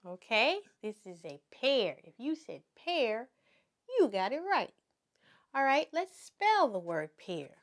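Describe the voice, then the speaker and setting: A woman teaching toddlers to write letters in a slow, encouraging preschool circle-time manner. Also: on the high side, very animated. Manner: slow, sing-song and encouraging, speaking to toddlers. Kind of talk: children's circle-time lesson.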